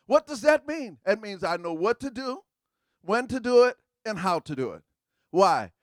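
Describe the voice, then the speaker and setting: Male pastor, high voice, dry close sound, fervent call-and-response preaching. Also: sing-song, normal speed, no room sound. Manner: call-and-response preaching, swings from hushed to shouting. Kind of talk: sermon.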